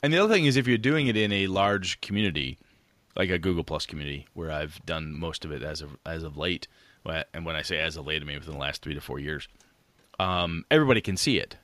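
A man co-hosting a podcast, chatting casually about tabletop gaming in a rambling, animated way with casual swearing. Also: sits low, fast talker, dry recording. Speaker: podcast co-host.

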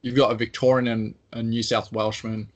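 A man's voice: medium pitch, little pitch movement, fairly quick. A man with a Queensland Australian accent, co-hosting a podcast in a rambling, self-deprecating casual chat. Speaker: podcast co-host.

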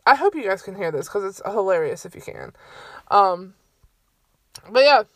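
A woman's voice: mid-range voice, animated, moderate pace, no echo. Fired-up, cursing woman ranting. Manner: heated, profane, exasperated. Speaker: solo podcast host. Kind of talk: casual ranting monologue. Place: bedroom at home.

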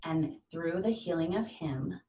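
A woman's voice: lowish voice, measured pace. A woman in her thirties talking earnestly and from the heart in a casual conversation, acting out the voices of the people she quotes. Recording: dull, distant, echoey room.

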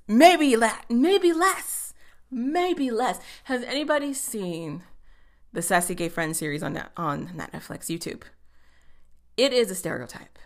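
A young woman giving a casual recap of a TV episode, animated and swearing freely, often slipping into quick voices for the characters. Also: mid-range voice.

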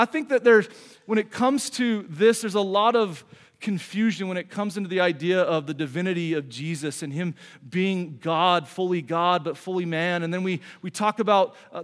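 High-voiced pastor preaching in a hall. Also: male voice. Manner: earnest, conversational preaching with many restarts. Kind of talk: sermon.

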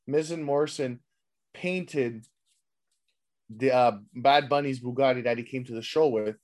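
A man's voice: mid-range voice, a little slow, darkish tone. A man hosting a wrestling podcast, casually recapping the show in a loose, rambling way with plenty of swearing.

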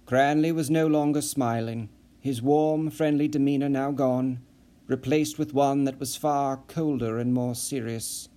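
A male audiobook narrator reading a novel aloud in a measured, even way. His voice is warm and mellow. Its pitch sits in an ordinary middle range. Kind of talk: scripted narration.

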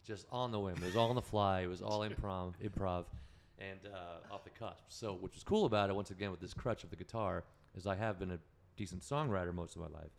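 A man's voice: low-pitched, steady tone, a little fast, gravelly. A man telling stories as a podcast guest in casual chat, rambling, profane and correcting himself as he goes.

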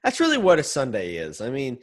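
A man's voice: medium pitch, huge pitch swings, quick pace. A man co-hosting a casual podcast chat from home, rambling and giggly, often breaking off mid-sentence. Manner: rambling, self-interrupting, giggly. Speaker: podcast co-host. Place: home, with his cat on his lap.

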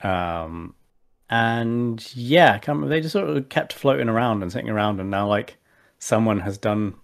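A man with a very low voice talks casually about tabletop games. He hesitates often, piling up fillers and restarting his sentences as he thinks aloud. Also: animated, normal speed, gravelly. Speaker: podcast guest.

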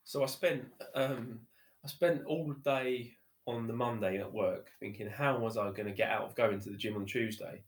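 A man tells his story as a podcast guest. He rambles warmly, leaning on "you know" and "literally", and restarts his sentences often. The room around him gives his voice a noticeable echo. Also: medium pitch, fairly even intonation, moderate pace. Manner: chatty, repeats himself, many fillers like "you know" and "literally". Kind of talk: casual conversational storytelling. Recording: roomy echo.

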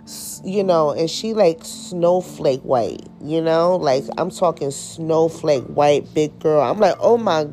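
A woman's voice: deep voice, takes it slowly, hardly any pauses, warm tone, a little hiss or hum. A woman hosting a podcast in casual, unedited chat, talking candidly with slang and free swearing. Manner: candid, slangy, swears freely, rambling storyteller. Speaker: podcast host.

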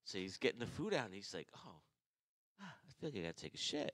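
A man from New York co-hosting a podcast, telling profane, animated stories with bursts of laughter. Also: lowish voice, fast, no room sound. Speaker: podcast co-host. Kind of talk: crude casual storytelling.

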